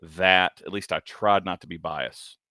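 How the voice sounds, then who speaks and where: A man's voice: low voice, steady tone, unhurried, bright, forceful tone, dry recording, clean studio sound. A man in his forties co-hosting a comic podcast, talking casually with lots of ums and restarts. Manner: hesitant, many ums and restarts. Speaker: podcast co-host. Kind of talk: casual comic review chat.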